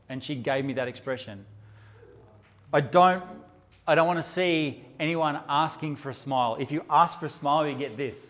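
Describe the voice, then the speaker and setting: Male presenter, brash and irreverent, slightly high voice, teaching a live class. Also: normal speed, fairly bright tone. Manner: brash, joking, swears freely. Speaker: photography workshop presenter. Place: workshop room with live audience.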